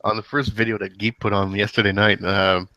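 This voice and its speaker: Halting, low-voiced man in a chat. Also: little pitch movement, sharp tone, no echo. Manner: halting, full of fillers. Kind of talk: casual group chat.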